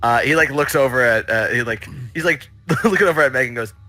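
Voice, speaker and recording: A man's voice: mid-range voice, a little fast, sharp tone, no echo, faint music behind. A man as a player in a tabletop game, describing his character's actions casually. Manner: casual, hesitant.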